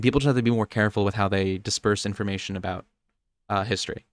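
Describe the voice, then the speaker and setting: A man's voice: low-pitched, steady tone, very fast, creaky, dry recording. A young man co-hosting a podcast, rambling through nerdy topics in casual chat and often restarting his sentences. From United States. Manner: rambling, nerdy, self-interrupting. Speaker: podcast co-host.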